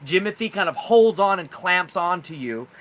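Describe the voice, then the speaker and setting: A man runs a casual fantasy tabletop game as game master. His voice is fairly high and bright. He tells the action in a loose, animated flow, filling in with "like" as he goes. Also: moderate pace. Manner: animated, loose storytelling with many "like"s.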